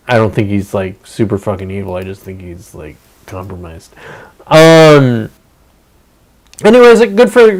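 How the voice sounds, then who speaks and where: A man's voice: fairly low pitch, darkish tone, rough recording. A man hosting a livestream, ranting casually with profanity, rambling asides and sarcastic mock quotes. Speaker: streamer host.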